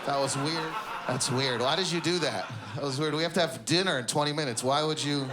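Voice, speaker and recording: A man from Canada doing a stand-up set on stage, animated and loud, jumping into impressions of his family. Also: a little high, a little fast, background noise. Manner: animated, shouts punchlines, slips into impressions of family. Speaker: stand-up comedian. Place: comedy stage before a live audience. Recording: live show with loud crowd laughter.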